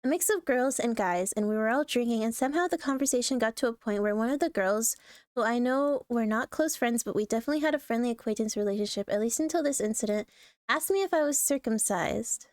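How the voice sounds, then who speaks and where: On her live stream, this woman reacts to online posts in a fairly high, slightly mellow voice, talking quickly. She curses freely, keeps clearing her throat, and breaks out laughing, all captured in dry, close audio without echo.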